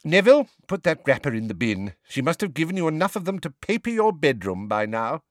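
A proud, imperious old grandmother speaks in a high, swooping voice, as a male narrator puts her on. She is brisk and a little weary, with forced cheer. The sound is close and dry. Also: sing-song, no room sound. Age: older.

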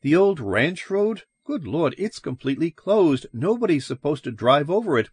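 A man's voice: on the high side, very animated, normal speed, slightly rough, no room sound, voice pushed up, heavily acted. A man voicing a frightened, dazed middle-aged wife in an audiobook, speaking in a hesitant, wavering way. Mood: bewildered. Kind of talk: audiobook character voice.

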